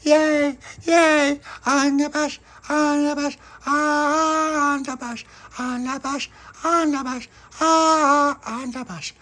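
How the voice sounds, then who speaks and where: A man voicing an excited baby girl who squeals and chants in a toy storytelling show. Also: very high-pitched, normal speed, few pauses, pitched above the performer's own voice, heavily acted.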